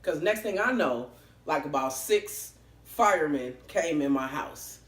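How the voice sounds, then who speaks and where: A woman vlogger tells a story casually, with a lively, swooping pitch and frank, salty language. Her voice bounces around an echoey room at home. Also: measured pace. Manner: animated, expressive, swears freely.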